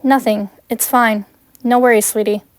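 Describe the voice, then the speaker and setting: A woman voicing a protective grown male wizard teacher in a fan audiobook, speaking softly with pet names. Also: a little high, fairly even intonation, moderate pace, dry recording, lightly acted. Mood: gentle.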